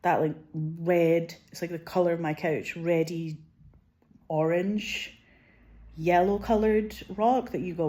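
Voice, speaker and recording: A woman in her forties with a notably low voice talks straight to her viewers, drifting from thought to thought. Her speech is loose and unpolished, peppered with swearing and a constant stream of "like" and "you know what I mean.". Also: steady tone, unhurried, a little mellow. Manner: rambling and profane, heavy use of "like". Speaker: vlogger. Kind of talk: casual rambling monologue.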